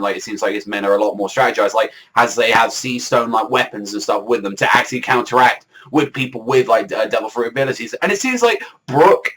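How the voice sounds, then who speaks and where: A man's voice: medium pitch, a bit bright, rough recording. Rambling, swearing man reviewing comics. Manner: rambling, lots of fillers and swearing. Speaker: manga reviewer. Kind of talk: casual chat.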